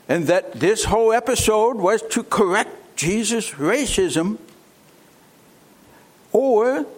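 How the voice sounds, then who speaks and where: A man preaching a sermon, emphatic and fond of rhetorical questions. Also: sits high.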